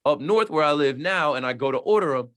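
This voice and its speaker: Fast and fairly high in pitch, this sports radio host from the Jersey shore talks emphatically in easygoing podcast chat, acting out the exchanges he quotes in vivid voices.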